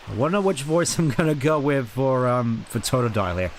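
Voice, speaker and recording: A man's voice: mid-range voice, brisk, hardly any pauses, a little hiss or hum. Joking man streaming a video game. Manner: joking, self-deprecating. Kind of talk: casual game commentary.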